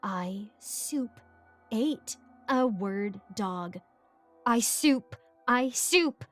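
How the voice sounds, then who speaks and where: A woman voicing a distorted, sinister childlike female creature in a storybook horror tale, whispering slowly with erratic, peculiar emphasis on each word. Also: medium pitch, expressive, soft background music. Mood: eerie chant. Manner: slow, repetitive chanting.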